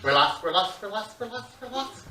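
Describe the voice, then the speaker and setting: A comedian playing his mother, who nags quietly and quickly, repeating herself, when the family gets lost. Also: high voice, animated, full character voice. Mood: nagging. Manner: quiet, fast, nagging repetition. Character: nagging worried mother lost on road trip. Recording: echoey live theater from far off. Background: audience laughter.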